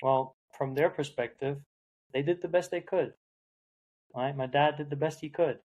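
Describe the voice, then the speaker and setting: A man's voice: fairly high pitch, normal speed, highs cut off. A man hosting a podcast conversation, earnest and reflective, thinking aloud with short asides.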